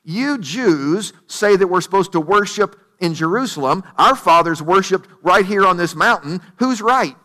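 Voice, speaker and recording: A male preacher voicing an excited village woman who gushes breathlessly about a stranger. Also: high-pitched, normal speed, hardly any pauses. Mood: evasive.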